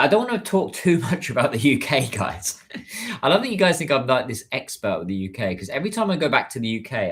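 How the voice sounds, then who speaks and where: A British man hosting a casual livestream, chatting and answering viewer messages. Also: medium pitch. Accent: British English. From United Kingdom. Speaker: livestream host.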